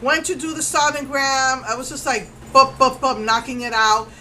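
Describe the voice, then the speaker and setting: Woman vlogger, casual storyteller, animated and rambling; slightly high voice, faint background noise. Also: moderate pace, low-quality recording. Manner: rambling, animated retelling with many fillers.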